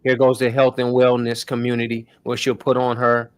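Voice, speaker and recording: A man's voice: medium pitch, monotone, normal speed, smooth, no room sound. A man hosting a casual tech tutorial stream, talking loosely in slang to his viewers. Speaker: host.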